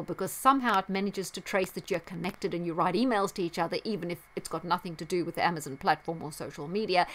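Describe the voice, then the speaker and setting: A woman giving a sarcastic, indignant commentary on her vlog, with emphatic outbursts. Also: medium pitch. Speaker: astrology vlogger.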